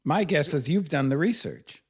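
A man co-hosting a casual sports podcast, laid-back and agreeable, quick to laugh. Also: on the high side, expressive, darkish tone, breathy edge. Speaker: podcast co-host.

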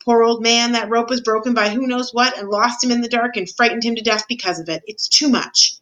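A woman's voice: steady tone, a little fast, a bit bright, lightly acted, poor audio. A woman voicing a fierce, mouse-hating castle cook who shrieks and sobs, in a storybook reading. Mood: distressed. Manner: shrill, sobbing outbursts.

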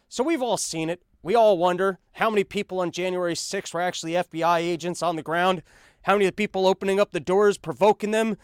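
Pacing on a treadmill, this man hosts a podcast with a rambling, sarcastic take on the news, full of fillers and false starts. His high-pitched voice is clean-toned, recorded in clean studio sound with no room sound.

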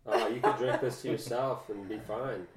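A young man, a first-time winemaker, chatting casually and technically about his wine with fillers and pauses. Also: medium pitch, fairly even intonation, a loud crowd. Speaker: winemaker guest. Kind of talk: casual chat. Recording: echoey room.

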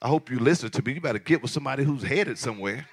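A male pastor preaching a passionate sermon, swinging from shouted lines to hushed asides. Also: mid-range voice, expressive, very fast, breathy edge.

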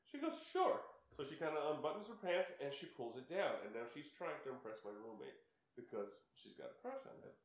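A middle-aged man co-hosting a casual chat, telling a story with lots of laughter and animated delivery. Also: mid-range voice, fairly quick. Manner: animated storyteller, laughs often, voices others in quotes. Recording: echoey room.

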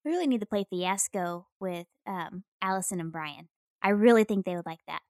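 A woman co-hosting a podcast, telling anecdotes in a lively casual way. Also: mid-range voice, a little fast, dry recording, clean studio sound. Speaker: podcast co-host. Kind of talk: casual chat.

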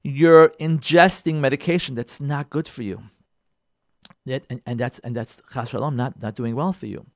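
A man teaching a marriage advice class as a rabbi, pleading with his listeners, repeating his points and swinging between loud bursts and quiet asides. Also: medium pitch, steady tone, normal speed, no echo, studio quality. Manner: emphatic and repetitive, pleading with listeners directly.

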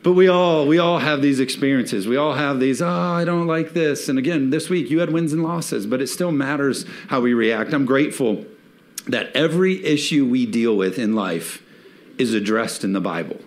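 A man preaching a sermon as a pastor, lively and joking, acting out little quoted scenes from everyday life. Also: medium pitch, moderate pace.

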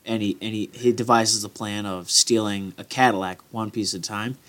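A man's voice: lowish voice, fairly even intonation, moderate pace, fairly bright tone. A man co-hosting a podcast, chatting casually and joking around. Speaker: podcast co-host. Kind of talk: casual chat.

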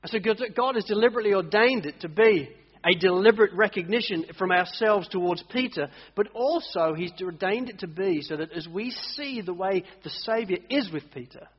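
High-voiced preacher in a reverberant hall. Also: male voice, slightly rough. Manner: animated storytelling, acts out voices in stories. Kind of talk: sermon. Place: church hall. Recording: dull audio, long church reverb.

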